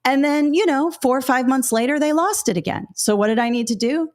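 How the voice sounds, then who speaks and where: A woman giving practical advice to new teachers in a webinar, in a lively storytelling way that acts out what she says to students. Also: high-pitched, fairly quick.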